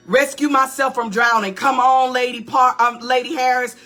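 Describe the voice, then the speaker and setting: A woman's voice: high-pitched, steady tone, moderate pace, a bit bright, faint music behind. A woman pastor giving an emphatic, preaching-style motivational talk, repeating lines and calling out to her listeners.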